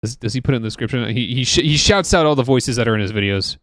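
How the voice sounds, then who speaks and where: A man's voice: medium pitch, lively intonation, very fast, no room sound. A man streamer giving casual reaction commentary, chatty and musing aloud, repeating himself.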